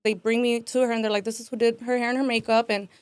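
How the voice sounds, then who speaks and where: Here a woman in her twenties, a podcast guest, tells her story fast and casually in a somewhat high, clear, resonant voice. She's animated, acts out quotes, and leans on "like" and "man" constantly. The sound is close and dry, without echo.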